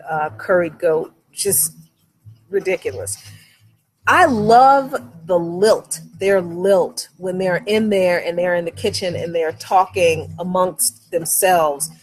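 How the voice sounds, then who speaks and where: A woman from Virginia with a faint Southern accent, chatting casually on an outdoor livestream and reading out viewer comments, enthusiastic and quick to laugh. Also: fairly low pitch, slight background noise. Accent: faint Southern American. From Virginia, USA. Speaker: livestream host. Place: outdoors at home in the evening.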